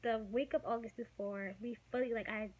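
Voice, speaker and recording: A woman of about twenty telling a personal story in a casual, emotional way, dropping to a hush and then getting loud, with lots of fillers. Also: on the high side, steady tone, fairly quick, muffled recording, a little hiss or hum. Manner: emotional, swings from hushed to loud, many fillers. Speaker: vlogger.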